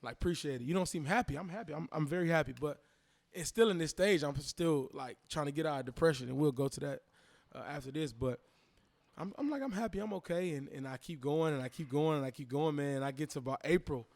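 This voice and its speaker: Podcast guest, man in his 30s, slightly high voice, lively storyteller who acts out quotes. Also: a little fast. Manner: animated, acts out quoted voices, repeats phrases. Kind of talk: casual storytelling interview.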